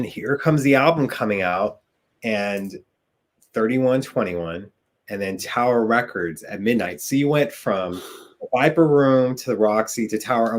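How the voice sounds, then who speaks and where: A man hosting a podcast interview, enthusiastic and asking leading questions. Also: lowish voice. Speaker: podcast host. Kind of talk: casual interview chat.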